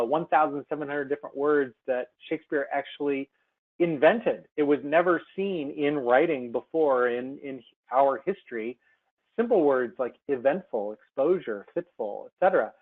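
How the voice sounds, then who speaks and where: Man on a tinny webinar line. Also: medium pitch. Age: adult. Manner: chatty, many fillers and restarts. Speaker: software seminar presenter. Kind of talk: screen-share webinar demo. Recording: tinny phone-like webinar audio.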